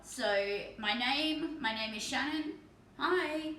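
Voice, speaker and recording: Aussie woman chatting away on her stream, bit of a high voice, roomy echo, sitting back from the mic. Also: slow, bright, forceful tone, distant mic, slight background noise. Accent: Australian. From Perth, Western Australia. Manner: chatty, laughing, swears casually. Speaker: livestreamer painting miniatures. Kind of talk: casual live-stream chat. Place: room at home. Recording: echoey room, voice off mic.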